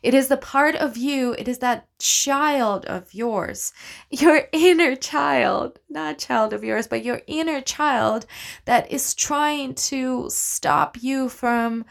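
A woman's voice: fairly high pitch, creaky. A woman, hosting a solo podcast and talking thoughtfully and earnestly, often restarting her sentences. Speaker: podcast host, actor. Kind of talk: reflective solo podcast talk.

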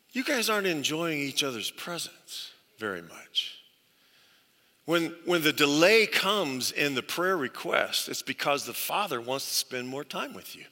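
A man's voice: high-pitched, bright, forceful tone, in a large hall. A male pastor preaching a sermon, telling stories earnestly and stressing points through repetition. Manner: earnest storytelling with emphatic repetition.

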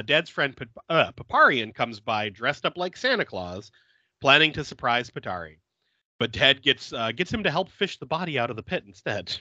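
A man hosting a podcast, recapping a film in a casual, animated way, laughing often and swearing freely. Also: mid-range voice, no room sound, muffled recording. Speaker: podcast host.

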